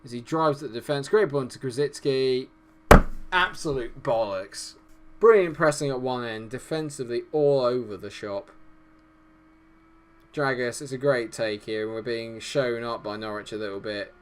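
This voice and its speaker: A man's voice: mid-range voice, moderate pace. A young man commentating casually on his own football management game, swearing freely and cheering and groaning at the action. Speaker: gaming YouTuber.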